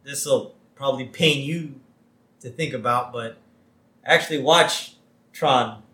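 A man's voice: medium pitch, unhurried. Laid-back man co-hosting a podcast. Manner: relaxed, laughs often, asks "right?". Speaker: podcast co-host. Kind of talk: casual chat, retelling an episode. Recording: echoey room.

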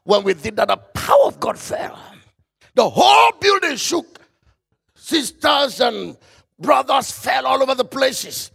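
A man preaching a fervent sermon, quoting scripture in old-style phrasing and breaking into shouts. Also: very high voice, sing-song, a little slow, creaky, breathy edge.

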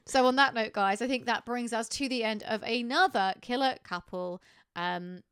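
A woman chats her way through true crime cases on a podcast. She talks briskly and conversationally, dropping in offhand remarks. The sound is dry and close, with no room around her voice. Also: fairly high pitch, a bit bright, clean tone, no echo. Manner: brisk, conversational storytelling with casual asides. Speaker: podcast co-host.

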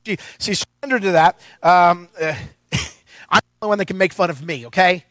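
Bright-voiced, playful man preaching. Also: high voice, brisk, no room sound. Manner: animated and playful, with asides to the congregation. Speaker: pastor. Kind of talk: sermon.

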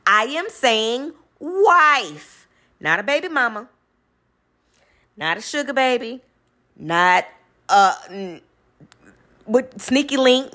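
Emphatic, animated woman telling a story. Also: a little high. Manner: emphatic, animated, repeats points for stress. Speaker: vlogger; caregiver in medical field. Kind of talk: casual storytelling monologue.

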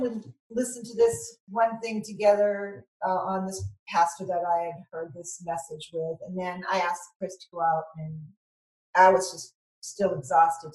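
A middle-aged woman, a mother, telling a personal story in conversation, earnest and halting, often restarting her sentences as the emotion comes through. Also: mid-range voice. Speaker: mother of son in addiction recovery, guest. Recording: roomy echo.

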